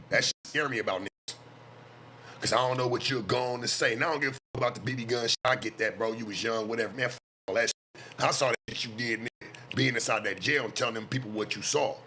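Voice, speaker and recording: A man with an American West Coast street accent, talking straight at his viewers in a casual livestream rant. His voice is bright and forceful, his talk blunt and full of profanity, circling back to the same point again and again. A faint hum of room sound sits behind him. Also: medium pitch, fast. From West Coast of the United States. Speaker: streamer and self-styled life coach.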